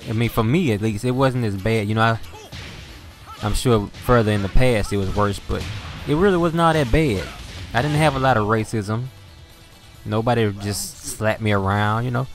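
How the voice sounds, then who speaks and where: A man from Louisiana with a Southern US accent, telling stories in a laid-back, profane way. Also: lowish voice. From Louisiana, Southern United States. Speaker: gaming video host. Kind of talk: casual storytelling over gameplay.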